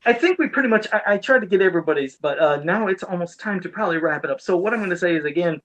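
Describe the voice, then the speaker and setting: High-voiced animated podcast host man. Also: racing, poor audio. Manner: animated storyteller, laughs often. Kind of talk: casual podcast chat.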